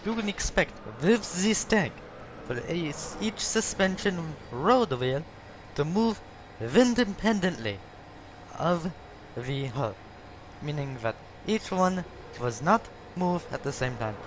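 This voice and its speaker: A man putting on an overdone mock Russian accent, explaining tank parts in a halting way. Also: fairly high pitch, sing-song, slight background noise, pitched above the performer's own voice. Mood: mock-serious. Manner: overdone, halting, breaking into laughter. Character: hammy fake Russian tank expert, adult man. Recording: game sounds loud behind.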